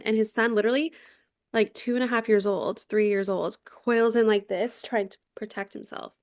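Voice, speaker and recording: A woman's voice: fairly high pitch, fairly even intonation, normal speed, no echo, studio quality. A woman in her thirties co-hosting a podcast, telling a story in casual chat, acting out quotes and swearing freely. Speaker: podcast co-host. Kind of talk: casual chat recapping a reality show.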